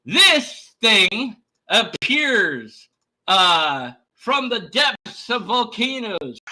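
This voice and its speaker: A man talking to camera in a loose, rambling vlog, stumbling through fillers and restarts. His voice sits high and swings widely, with a very bright, sharp edge. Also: very animated, extremely slow, low-quality recording. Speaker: YouTuber. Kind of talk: casual vlog monologue.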